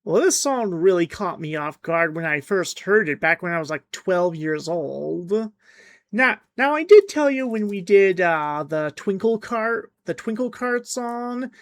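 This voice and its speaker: Animated, chatty song-countdown host. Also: mid-range voice, no room sound. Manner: chatty and animated, with frequent restarts and fillers. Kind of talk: casual commentary over a song countdown.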